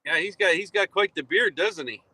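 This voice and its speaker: A man's voice: sits high, wildly swooping pitch, moderate pace, creaky, bright, forceful tone, no room sound. A man calling in live as a contributor, giving laid-back, joking replies. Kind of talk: casual live chat.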